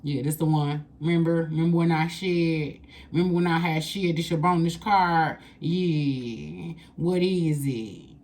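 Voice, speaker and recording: A woman's voice: low voice, fairly even intonation, measured pace, darkish tone. A woman doing a casual tarot reading, blunt and profane, repeating lines for emphasis. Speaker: tarot reader.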